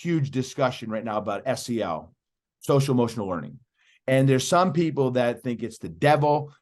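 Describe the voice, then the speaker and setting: A middle-aged man talks as an interview guest, emphatic and persuasive. He presses the host with questions and keeps driving his point home. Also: medium pitch. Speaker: podcast guest, youth speaker. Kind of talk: animated interview talk.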